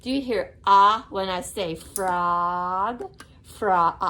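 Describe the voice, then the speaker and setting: A woman teaching young children the vowel sounds, drawing out each sound slowly and praising them. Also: medium pitch. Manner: slow, sing-song, drawn-out repeated sounds, encouraging; warm praise and soft blessing to close. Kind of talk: slow phonics lesson for children.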